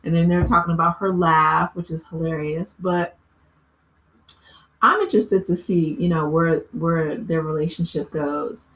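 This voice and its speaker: Chatty woman with a low-pitched voice. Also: fairly even intonation, unhurried, a bit bright. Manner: chatty, filler-heavy with frequent "you know" and "like"; laughs often while talking. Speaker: TV recap channel host. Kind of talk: casual TV episode recap.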